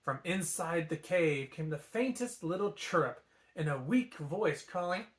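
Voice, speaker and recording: Animated man reading a bedtime story. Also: on the high side, unhurried. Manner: playful and animated, with asides. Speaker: storybook reader. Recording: echoey room.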